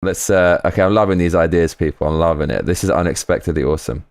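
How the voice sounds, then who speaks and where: A man streaming live while producing a track, casual and excitable, reading chat aloud and swearing. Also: deep voice, fast. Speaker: streamer making music live.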